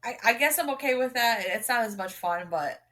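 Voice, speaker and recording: A woman's voice: on the high side, lively intonation, a little fast, fairly bright tone. A young woman co-hosting a book podcast, speaking emphatically and getting indignant over characters. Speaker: podcast co-host. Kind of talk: casual book review chat.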